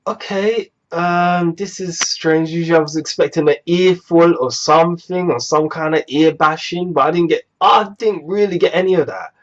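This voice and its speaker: A young man telling a storytime vlog, animated and exasperated, swearing freely, on a dull lo-fi recording. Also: on the high side. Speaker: vlogger.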